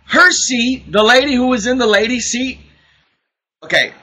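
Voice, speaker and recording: A man with a high, husky voice and a bright, sharp tone tells a story with great animation. He acts out what others said and laughs easily as he goes. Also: normal speed, poor audio. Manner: excitable storyteller, acts out quotes, laughs often. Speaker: podcast host. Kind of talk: casual chat, animated storytelling.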